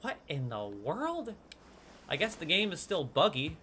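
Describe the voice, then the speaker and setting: A man giving casual gameplay commentary as a streamer, excitable, swinging from hushed sneaking talk to loud outbursts. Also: a little high, measured pace, a little hiss or hum. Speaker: gaming streamer.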